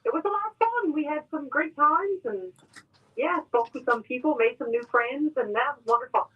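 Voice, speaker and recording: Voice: sits high, expressive, normal speed. A chatty brewery guest with a thick Newfoundland accent talks over a tinny phone line. The guest is enthusiastic and often repeats words while hunting for the next thought. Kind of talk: casual radio interview. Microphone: telephone.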